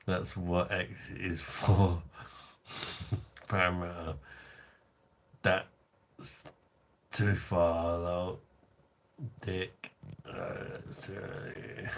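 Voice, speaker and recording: A man's voice: deep voice, steady tone, drawn-out words, long pauses, a bit bright, a little hiss or hum. A man, drunk, hosting a crude, rambling livestream chat and reading out viewer comments. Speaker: livestream host.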